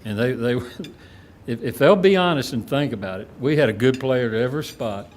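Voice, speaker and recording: A man's voice: medium pitch, animated, normal speed. Dry-spoken man, former coach. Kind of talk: panel answer.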